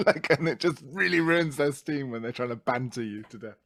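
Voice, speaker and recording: A man trading jokes with his tabletop group over a video call. His voice sits at a middle pitch, and he teases freely, breaking into laughter. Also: normal speed, a bit bright. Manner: teasing, laughs often. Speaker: player. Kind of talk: casual banter among friends.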